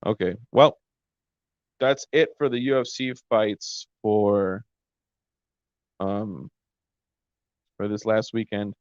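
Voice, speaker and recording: A man's voice: lowish voice, fairly even intonation, slow pace, pauses often, clear, resonant tone, no echo, muffled recording. A man hosting a podcast, recapping fights in a casual, rambling monologue and stumbling over names. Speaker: podcast host. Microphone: close mic.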